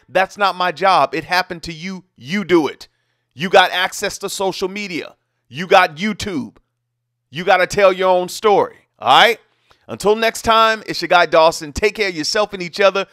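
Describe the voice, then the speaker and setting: A man's voice: high voice, normal speed, a bit bright, no echo, studio quality. A man hosting an opinion commentary vlog, talking emphatically and straight to his viewers. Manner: emphatic, direct address to viewers. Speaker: online commentary host.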